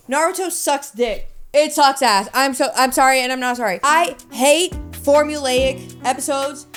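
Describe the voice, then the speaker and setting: A woman hosting a podcast, reading online stories aloud and breaking in with profane, sarcastic asides. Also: high voice. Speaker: podcast host.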